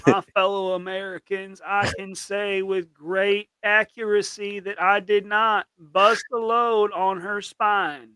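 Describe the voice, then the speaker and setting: A politician man played by a man speaks slowly in a light, bright, high voice, delivering grave denials. The dry, close sound makes him very present. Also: little pitch movement, clear, resonant tone, dry recording, exaggerated voice, rough recording. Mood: mock solemn. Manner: mock-solemn speech delivery. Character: male politician making solemn denials.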